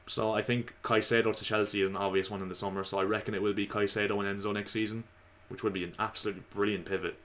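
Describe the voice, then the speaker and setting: Chatty football vlogger, low voice. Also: male voice, level tone, fast, few pauses, a bit bright, slight background noise. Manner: chatty, opinionated, addresses viewers as lads. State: slightly hoarse. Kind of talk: casual football commentary to camera.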